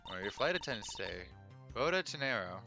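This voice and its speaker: A man's voice: mid-range voice, very animated, quick pace, creaky, bright, forceful tone, heavily acted. A man voicing a prim, officious female flight attendant, formal and soothing like an announcement, with game music behind. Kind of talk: voicing game dialogue on stream.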